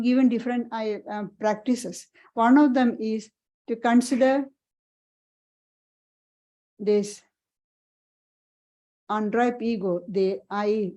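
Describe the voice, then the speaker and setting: A woman monastic teacher giving a spiritual parlour talk, earnest and halting, often repeating and restarting her phrases. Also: medium pitch, dark tone, rough recording.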